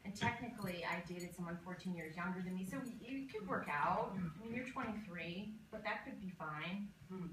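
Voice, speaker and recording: A woman performing a stand-up comedy set with a chatty, deadpan delivery. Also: lowish voice, moderate pace, background noise. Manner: deadpan, chatty, loud laughing asides. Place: comedy club stage with live audience. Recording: echoey club recording from a distance, crowd laughter.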